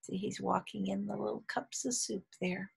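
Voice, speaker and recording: A woman reading a picture book aloud, pausing to point out the pictures, animated. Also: medium pitch, vocal fry, breathy edge. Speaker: reader.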